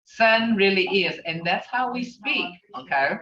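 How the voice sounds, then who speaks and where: Older woman teacher, bright and slow, roomy lo-fi sound from off the mic. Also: medium pitch, animated, slight background noise. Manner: rambling, repeats "okay?" to check understanding. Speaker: language teacher. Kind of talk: informal online language class. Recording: echoey, distant, dull lo-fi audio.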